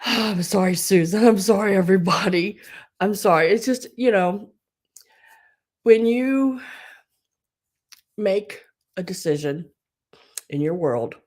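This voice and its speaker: A woman hosting an online live sale, tearful and crying, talking haltingly and often dropping to a whisper. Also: medium pitch, a little mellow. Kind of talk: emotional live-stream chat.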